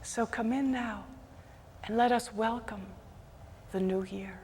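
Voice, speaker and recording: A woman voicing a wise old male rabbi who speaks calmly and solemnly. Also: fairly high pitch, slow pace, long reverb tail, noisy background.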